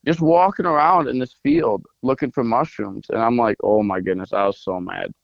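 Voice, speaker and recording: A man's voice: mid-range voice, animated, moderate pace, creaky, no echo, lo-fi sound. A man on a podcast, casually telling a long hunting story full of fillers. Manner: rambling storyteller, lots of "like" fillers. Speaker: podcast co-host.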